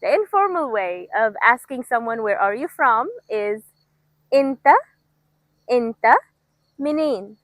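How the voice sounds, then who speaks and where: A fairly high-voiced young woman from Egypt teaches an absolute-beginner language class out of doors. She speaks slowly and clearly, repeats each word for the learner and praises them often. Her voice sounds close and dry, with almost no room sound. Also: no room sound, low-quality recording. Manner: slow, clear, encouraging drill delivery. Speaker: Arabic teacher. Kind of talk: language lesson with repetition drills. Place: outdoors.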